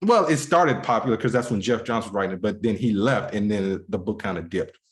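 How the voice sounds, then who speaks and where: Low-voiced man rambling casually. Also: a little fast. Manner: rambling, full of fillers, trails off softly; talks to listeners directly. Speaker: podcast co-host. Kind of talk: casual chat.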